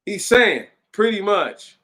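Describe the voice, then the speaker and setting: A man reading Bible verses aloud deliberately and stopping for lively, slangy commentary. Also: sits high. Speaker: Bible study podcaster. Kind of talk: scripture reading with casual commentary.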